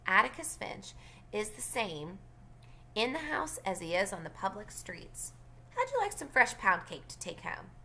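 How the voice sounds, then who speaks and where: A sharp-tongued older Southern woman speaks with dry, blunt wit, as a woman reads her lines aloud. Her voice is bright and swoops with lively intonation. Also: mid-range voice, measured pace, a little hiss or hum, full character voice. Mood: wry.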